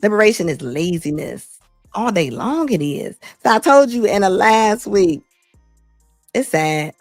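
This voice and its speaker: Blunt, animated woman commentator. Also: medium pitch, unhurried, no echo, clean studio sound, soft background music. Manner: blunt, animated, laughs often. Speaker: host. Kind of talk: casual opinion commentary.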